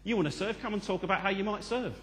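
Animated man preaching in a church. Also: high voice, quick pace, big-room sound. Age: 50s. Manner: animated, jokey, then earnest. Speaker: vicar. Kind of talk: sermon.

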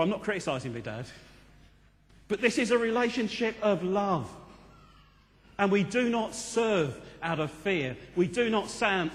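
A man in his fifties preaching a sermon as vicar, animated and joking at times, then earnest. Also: sits high, in a large hall. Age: 50s. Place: church.

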